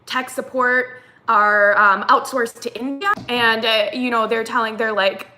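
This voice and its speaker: Young woman vlogger, bright and slightly high voice, chatty storytime delivery. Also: measured pace, a little hiss or hum. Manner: animated retelling, acts out quotes, fillers like "like". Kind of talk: casual storytime chat.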